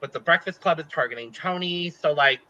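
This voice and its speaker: Bright-voiced playful man co-host. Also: a little high, fairly quick, muffled recording. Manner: playful, jokey, animated. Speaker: podcast co-host. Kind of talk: casual recap chat.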